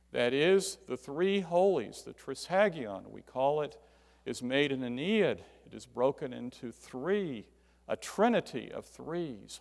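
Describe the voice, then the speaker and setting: A man's voice: mid-range voice, lively intonation, slow pace, gravelly. A man preaching a sermon, emphatic, rising and falling sharply to stress key words. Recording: hall reverb.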